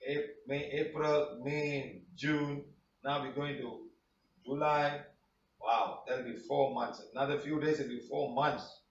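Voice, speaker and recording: A man's voice: medium pitch, steady tone, takes it slowly, a little hiss or hum. A man teaching a healing class, rambling and repeating himself for emphasis. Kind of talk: online class presentation. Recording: roomy, distant, dull sound.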